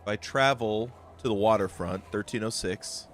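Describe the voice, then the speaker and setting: A gaming streamer who is feeling under the weather casually comments on a let's-play, tossing in joking, self-deprecating remarks. He has a lowish voice and speaks at normal speed.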